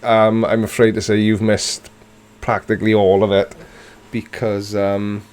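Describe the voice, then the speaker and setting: A man's voice: fairly low pitch, monotone, a little slow, darkish tone, clear, resonant tone. A man in his forties from South Wales with a Welsh accent, hosting a live stream and answering chat in a dry, self-mocking, playful way. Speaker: livestream host reading chat.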